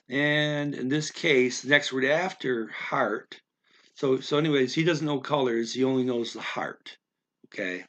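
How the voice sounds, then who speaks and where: A man explaining words of a story in an unscripted lesson, thinking aloud with many fillers and repeating words slowly to practice how they sound. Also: mid-range voice, fairly bright tone. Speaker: language learner explaining vocabulary.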